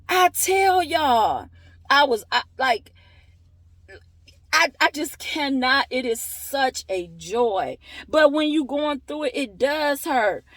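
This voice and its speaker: A high-voiced woman, talking straight to her viewers in a lively, preacherly way. She urges them on with strong, animated emphasis, like a pep talk about faith. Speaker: faith vlogger. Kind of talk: casual inspirational talk to viewers.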